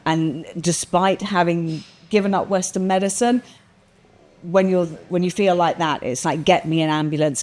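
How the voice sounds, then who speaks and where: Lower-voiced woman telling a story. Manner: lively, expressive storyteller who acts out quotes; blunt, swears casually. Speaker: podcast guest. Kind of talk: personal storytelling in conversation.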